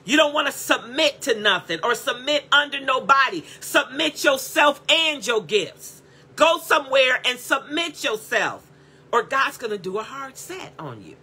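A woman's voice: high-pitched, sing-song, measured pace, bright, forceful tone, husky. A woman preaching an impassioned sermon as a prophetic teacher, blunt and repetitive, breaking into cries of praise. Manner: blunt, scolding and direct.

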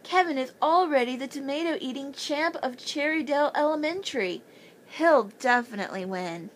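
A woman voicing a bossy, confident schoolgirl in a bedtime storybook reading, speaking firmly and with raised pitch. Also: animated, moderate pace, slight background noise. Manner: firm and bossy.

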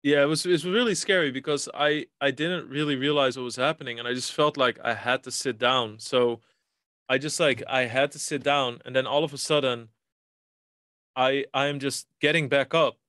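A man's voice: medium pitch, steady tone, normal speed, a bit bright, no room sound. Casting: thirties guy, podcast guest, rambly storyteller, cursing, very dry close sound. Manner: rambling, frequent restarts and swearing. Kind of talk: casual storytelling.

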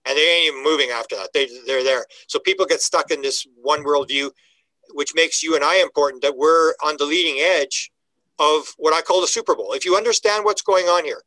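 A man's voice: a little high, fairly bright tone, dry recording, rough recording. An older man talking casually as a podcast guest, folksy and emphatic, often repeating words as he starts a sentence. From Canada. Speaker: guest, UFO researcher. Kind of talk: casual interview talk.

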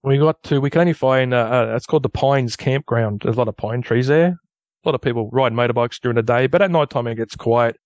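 An Australian man tells his story as a guest, rambling and casual and picking up energy when it gets tense. His voice sits in a middle pitch. The sound is dry and close, with no room around it. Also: brisk, dry recording, highs cut off. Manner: rambling, loose storyteller who grows animated at tense moments. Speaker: guest recounting an encounter.

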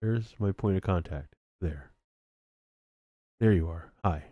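A man talks through his game stream in a loose, self-mocking way, often laughing at his own mistakes. His voice sits a little low and he takes his time. The sound is dry and close. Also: slow, dark tone, no room sound. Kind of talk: casual gameplay commentary.

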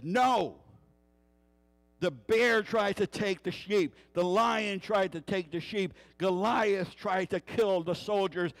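Guest pastor, male, fairly high voice, storytelling sermon with rhetorical questions. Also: creaky. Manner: storytelling, acting out quoted voices.

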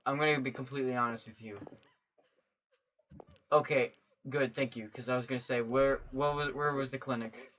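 A man giving gameplay commentary as a let's play host, who gets jumpy and shouts when startled. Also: mid-range voice, fairly even intonation, normal speed, long pauses, lo-fi sound, slight background noise.

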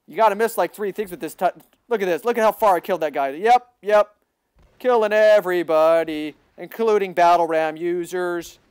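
A man giving excitable live gameplay commentary, boasting, repeating himself and bursting into loud yelling. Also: high-pitched, normal speed, clear, resonant tone, no room sound. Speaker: gaming livestreamer.

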